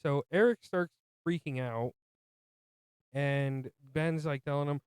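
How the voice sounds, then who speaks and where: A man's voice: fairly high pitch, takes it slowly, clear, resonant tone, no echo, studio quality. A man co-hosting a movie podcast, casually retelling the plot with jokey asides. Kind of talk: casual film recap chat.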